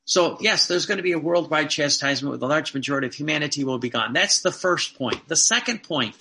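A man's voice: fairly high pitch, vocal fry, sharp tone. A man, a Catholic priest, preaching a sermon earnestly, repeating phrases and asking the listeners rhetorical questions.

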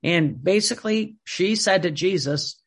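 A man's voice: high-pitched, lively intonation, measured pace, breathy edge. A man preaching a sermon in an emphatic, repetitive way, often restarting his sentences.

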